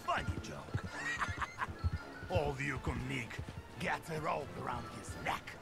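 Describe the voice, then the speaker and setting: An actor playing a boastful captured male outlaw in a video game, taunting in gravelly, broken English. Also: a little high, slow pace, loud music behind the voice, heavily acted. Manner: taunting, jeering.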